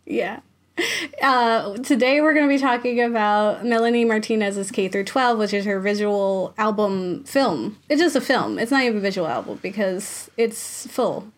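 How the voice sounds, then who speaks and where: A woman's voice: mid-range voice, lively intonation, normal speed. A woman hosting a podcast in a chatty, casual manner, laughing often and using many fillers. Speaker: podcast host. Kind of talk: casual chat.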